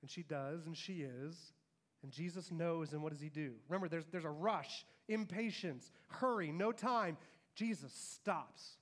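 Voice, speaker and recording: Speaking in a fairly high, light voice at a slightly slow pace, a pastor preaches a sermon to his congregation. He tells the story with animation, slipping into its characters' lines as he goes.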